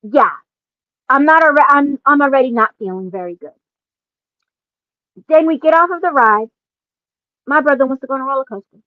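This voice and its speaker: A woman in her forties, a podcast host, casually telling a personal story with lots of laughing and animated asides. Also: high voice, normal speed, long pauses, dry recording, lo-fi sound.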